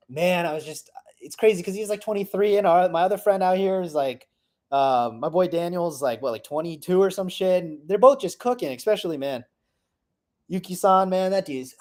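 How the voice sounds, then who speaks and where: A man's voice: a little high, darkish tone. A man in his late twenties, rambling casually and profanely through a personal reflection on his past year, often trailing off. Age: 20s. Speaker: vlogger.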